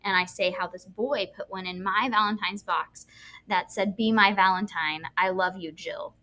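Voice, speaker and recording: A woman's voice: medium pitch, normal speed. A woman teacher co-hosting a podcast, telling funny classroom stories in casual chat and acting out the quotes. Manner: animated storyteller acting out quotes, laughs often.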